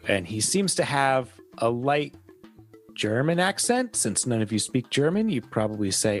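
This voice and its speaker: Game master, man, relaxed and descriptive, medium pitch, faint music behind. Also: measured pace. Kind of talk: narrating a tabletop game.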